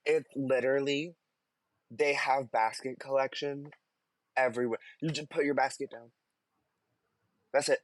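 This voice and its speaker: A man's voice: medium pitch, fairly even intonation, measured pace, long pauses, no echo. A man co-hosting a podcast, reading stories aloud in casual chat and laughing mid-sentence. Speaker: podcast co-host.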